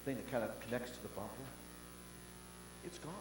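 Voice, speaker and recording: A man quoting his soft-spoken wife. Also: mid-range voice, fairly quick, natural voice. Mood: hushed. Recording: roomy hall with long reverb and faint hum.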